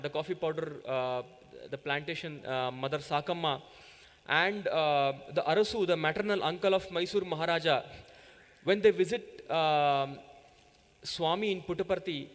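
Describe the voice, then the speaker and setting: A man's voice: on the high side, fairly bright tone. A man giving an earnest devotional talk to children, often checking in with "right?" and "yeah?". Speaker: youth coordinator giving a talk. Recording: echoey hall reverb.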